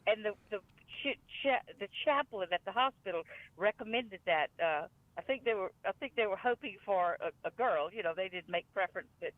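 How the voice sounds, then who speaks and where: A woman's voice: medium pitch, expressive, brisk, no room sound. A woman with a Louisiana accent calling in to a show, telling a family story in a chatty, rambling way. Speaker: caller. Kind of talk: phone-in storytelling. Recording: tinny phone line.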